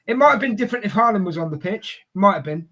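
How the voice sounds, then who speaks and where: A man's voice: sits high, lively intonation, fast talker, pushed and bright. A man with a London accent co-hosting a live football watchalong, chatting casually and reading out viewer messages. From Scotland.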